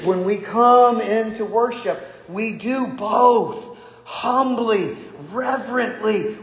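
High slow male pastor preaching, folksy asides, big echoey church. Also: creaky. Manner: folksy, joking asides to the congregation. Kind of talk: sermon. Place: church sanctuary. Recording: echoey hall.

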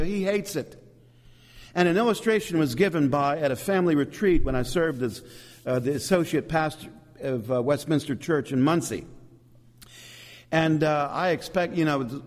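A man preaching a sermon, animated and emphatic, with asides to the congregation. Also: on the high side, in a large hall. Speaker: pastor.

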